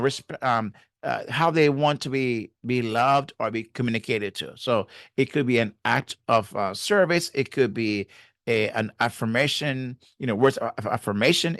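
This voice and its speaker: A man's voice: medium pitch, fairly bright tone, no room sound, clean studio sound. A man giving faith-based marriage advice in an earnest way, repeating key phrases and using many fillers.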